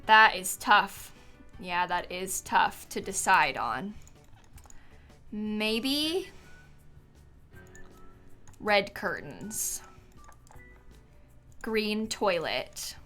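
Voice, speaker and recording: Bright-voiced chatty woman streamer. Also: mid-range voice, big pitch swings, extremely slow, pauses often, soft background music. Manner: chatty, giggly, thinks aloud with many fillers. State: yawning, tired. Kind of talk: casual live-stream chat while building.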